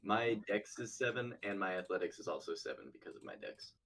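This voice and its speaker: A man's voice: low-pitched, expressive, a little fast, creaky, a bit bright. A man playing a tabletop game, curious and asking rules questions. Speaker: player. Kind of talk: casual chat at a game table.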